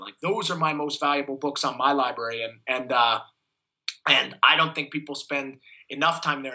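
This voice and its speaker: Energetic man, bright voice. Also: a little high, rough recording. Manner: enthusiastic, motivational, emphatic. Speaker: guest, fitness coach. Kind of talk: energetic interview talk.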